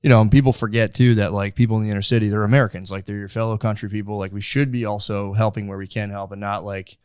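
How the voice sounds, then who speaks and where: A young man talking fast on a podcast, filling his sentences with likes and restarts. His voice sits a bit low, and the mic sounds close and dry. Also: little pitch movement, a little mellow, clean tone, no room sound. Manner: rambling, lots of filler likes. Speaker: podcast host. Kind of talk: casual chat.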